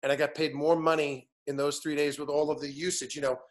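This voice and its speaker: A man's voice: on the high side, flat delivery, fast talker. A man in his fifties, a guest in casual conversation, telling an anecdote animatedly and acting out the other people in it. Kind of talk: casual storytelling chat.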